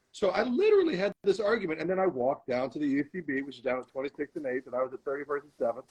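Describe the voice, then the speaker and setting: A middle-aged man telling stories as a podcast guest, animated, acting out arguments with himself. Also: on the high side, racing, slightly rough, low-quality recording. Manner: animated storyteller, acts out arguing with himself. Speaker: guest, comedian and actor. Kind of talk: storytelling in a podcast interview.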